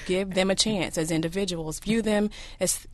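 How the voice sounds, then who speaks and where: A woman's voice: mid-range voice, moderate pace, a little mellow. A woman who is a writer and mother, speaking earnestly and personally as a radio guest. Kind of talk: earnest conversation.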